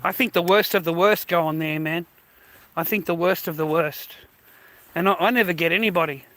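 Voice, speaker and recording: A man's voice: fairly high pitch, fairly quick, a bit bright. Swearing Australian man ranting. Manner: blunt, heavy swearing, grumbling. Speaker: livestreamer. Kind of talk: profane casual rant.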